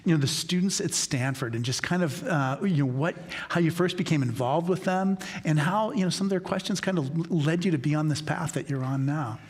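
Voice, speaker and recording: A man with a slightly raised voice hosts a cathedral forum. He reads his introduction in a measured, formal way. When he asks questions he turns chatty, full of "you know" and restarts. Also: a little high. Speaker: cathedral dean and forum host. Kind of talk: scripted introduction, then conversational interview.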